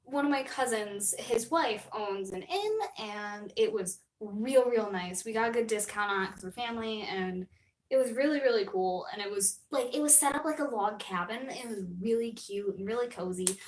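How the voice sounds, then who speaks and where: A woman's voice: on the high side, moderate pace, far from the mic. A young woman live streamer chatting casually with her viewers, rambling, giggly and self-deprecating. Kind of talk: casual livestream chat. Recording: roomy echo, voice a little off-mic.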